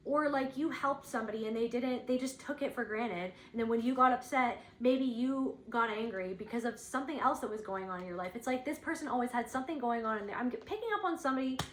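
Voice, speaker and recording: A woman's voice: fairly high pitch, brisk, hardly any pauses, echoey room, slight background noise, low-quality recording. A woman giving an intuitive spiritual reading, thinking aloud in a searching, rambling way, with lots of "like". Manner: searching, rambling, heavy use of "like".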